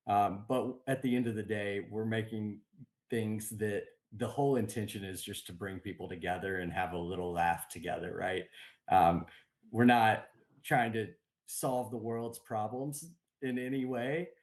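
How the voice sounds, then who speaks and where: A man, a board game company guest, talking in an upbeat, relaxed way over a video call, with many ums. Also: on the low side, unhurried. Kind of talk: casual interview chat. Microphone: remote video call.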